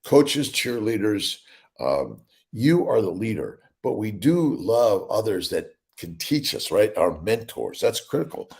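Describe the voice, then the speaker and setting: A man's voice: lowish voice, very animated, unhurried, vocal fry, darkish tone. A middle-aged male doctor hosting a casual morning livestream, rambling and upbeat as he greets viewers by name. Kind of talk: casual livestream chat reading viewer comments.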